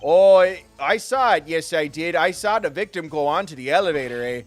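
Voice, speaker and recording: A man's voice: fairly high pitch, expressive, brisk, faint music behind, natural voice. A man voicing a snooty Canadian-accented man, exaggerated and tagging lines with "eh", while reading game dialogue aloud. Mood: gossipy. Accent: put-on Canadian. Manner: exaggerated "eh"-tagged delivery.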